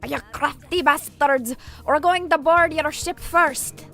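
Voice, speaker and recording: A brash, swaggering pirate from a video game hurls loud threats in mock old-timey slang, as a woman streamer puts him on. The voice sits a little high and swings widely in pitch as it blusters. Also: lively intonation, moderate pace, soft background music. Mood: blustering threat.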